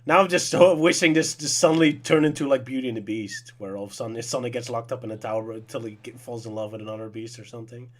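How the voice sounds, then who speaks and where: A man's voice: mid-range voice, fast talker, hardly any pauses. A young man co-hosting a casual podcast chat, laughing often and giving his opinions with enthusiasm. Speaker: podcast co-host.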